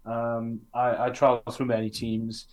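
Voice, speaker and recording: A man's voice: mid-range voice, monotone, moderate pace. A man chatting on a sports podcast, upbeat and teasing. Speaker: podcast co-host. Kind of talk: casual chat.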